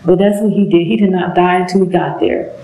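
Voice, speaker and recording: A middle-aged woman giving an earnest, emotional personal testimony, halting now and then with pauses. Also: on the low side, fairly even intonation, warm tone. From southern United States. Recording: echoey room.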